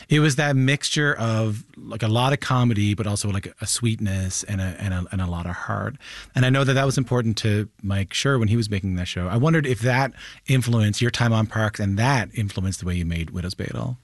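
A man's voice: fairly low pitch, brisk, dry recording, studio quality. A man hosting an interview who asks long, meandering questions full of restarts. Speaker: interviewer, podcast host.

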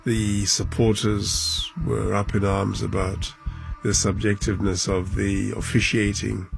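Creaky-voiced, a football club chairman gives a halting, emotional account of events for a documentary interview, at times letting his voice sink low.

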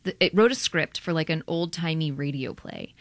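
A woman's voice: deep voice, no echo. A woman journalist being interviewed, talking animatedly in a conversational way, with frequent laughs and lots of "like" fillers. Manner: animated, quick, laughs often, many "like" fillers. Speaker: radio journalist guest.

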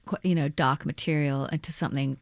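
This is a woman with a very low, gravelly voice. She is an actor guest who talks through her answers thoughtfully, often stopping and restarting. The sound is dry and close. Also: steady tone, quick pace, no room sound. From Australia. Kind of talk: conversational interview.

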